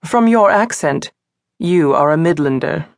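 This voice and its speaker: Woman reading an icy stern suffragist lady, clipped and emphatic, lowish voice. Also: animated, measured pace, vocal fry, no echo, studio quality, heavily acted. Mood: cold. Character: frigid, stern local suffragist leader, a woman.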